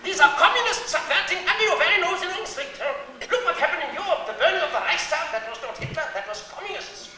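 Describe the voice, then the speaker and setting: An actor playing an elderly European-born refugee landlord with a Yiddish-inflected accent, sardonic and profane, in a theatre monologue. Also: male voice, very high voice, lively intonation, brisk, over music. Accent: Yiddish-inflected English. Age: older. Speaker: stage character in a monologue. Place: theatre stage before a laughing audience. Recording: distant, echoey theatre stage recording.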